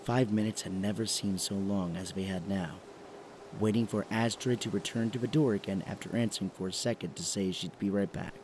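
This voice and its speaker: Calm low-voiced male narrator. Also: a little fast, noisy background. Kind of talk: scripted narration of an audio drama.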